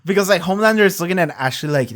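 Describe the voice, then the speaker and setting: Reacting to a TV episode, a host talks in a rapid-fire, medium-pitched voice, rambling along animatedly. He swears without restraint and keeps returning to repeat points he's already made.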